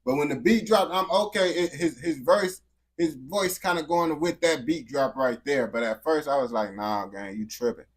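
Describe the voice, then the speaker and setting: A man's voice: a little high, moderate pace. A man giving casual, slangy reaction commentary, dropping "bro" and "gang" constantly and restarting his sentences. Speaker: reaction video host.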